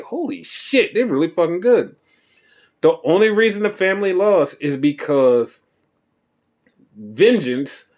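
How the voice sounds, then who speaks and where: A man hosting a podcast, recapping wrestling shows in a rambling, profane and animated way. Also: on the high side. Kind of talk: casual chat.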